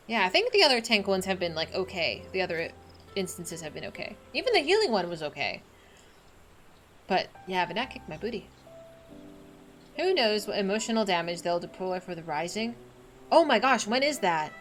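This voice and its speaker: A woman streaming a game, chatting casually in an excitable, emotional way. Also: medium pitch. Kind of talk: casual gameplay chat.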